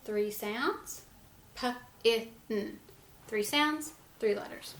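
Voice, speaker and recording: A woman teaching a phonics lesson to young children, sounding out words letter by letter and gently encouraging them. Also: a little high, drawn-out words, background noise. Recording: echoey room with faint ambience.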